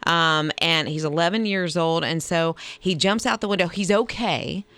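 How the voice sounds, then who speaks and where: A woman co-hosting a morning radio show, chatting casually and reacting expressively with laughs and quick asides. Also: on the low side, fairly bright tone, dry recording. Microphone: studio microphone.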